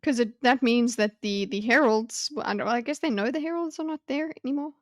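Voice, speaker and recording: A woman's voice: a little high, brisk, no echo, studio quality. A woman co-hosting a book club podcast, musing tentatively, hedging and circling back as she thinks. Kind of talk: casual book discussion.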